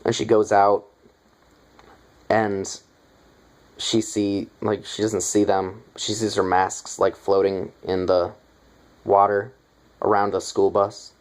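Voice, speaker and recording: A man's voice: on the low side, monotone, takes it slowly, pauses often, poor audio. A young man casually retelling a movie's plot in a review, rambling with lots of fillers and offhand asides.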